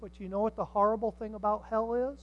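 An older man preaching a sermon, swinging from hushed tones to shouts and acting out the people in his stories. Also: sits high, fairly even intonation, fast, dull audio. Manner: dramatic, swings from hushed to shouting, acts out voices.

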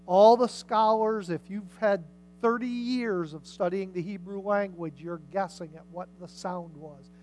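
A pastor preaching a sermon in a church service. The pastor talks casually, puts questions to the congregation, and reads scripture aloud, swinging between loud and soft. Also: mid-range voice, unhurried, a little hiss or hum, low-quality recording.

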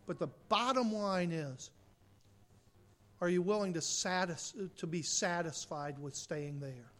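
High, bright-voiced preacher. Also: male voice. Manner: impassioned, swings from loud emphasis to quiet intensity; direct questions to the congregation. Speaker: pastor. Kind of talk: sermon.

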